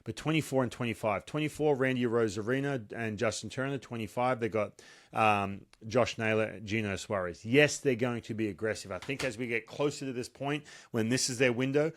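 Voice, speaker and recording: A man hosting a casual sports talk show, lively and joking. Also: mid-range voice. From Australia. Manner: lively, joking, quick banter.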